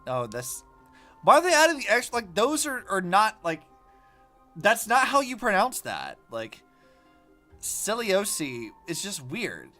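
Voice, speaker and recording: Lively, bright-voiced male streamer. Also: sits high, unhurried, soft background music. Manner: rambling, profane, animated ranting. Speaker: vtuber streamer. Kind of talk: casual gaming stream commentary.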